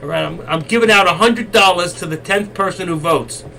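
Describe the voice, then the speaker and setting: A man hosts a live trading stream, nagging and teasing his viewers with mock exasperation and sudden loud shouts. His voice is bright and tense, a little higher than most men's. He sits back from the mic, with faint noise underneath. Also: fairly quick, gravelly, recorded from a distance, low-quality recording. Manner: coaxing, teasing and exasperated with the chat.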